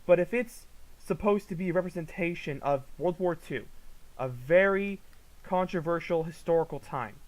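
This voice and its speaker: A man giving casual reaction commentary, ranting in an exasperated, profane way that swings between low mutters and loud outbursts. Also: moderate pace, low-quality recording. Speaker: commentary vlogger.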